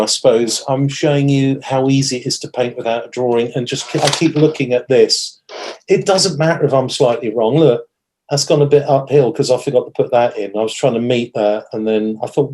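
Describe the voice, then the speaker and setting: A man's voice: medium pitch, fairly quick, a little mellow. A man teaching watercolour painting in a live demonstration, thinking aloud as he works, correcting himself mid-sentence and joking at his own expense. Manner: chatty, thinks aloud while working; self-deprecating humour.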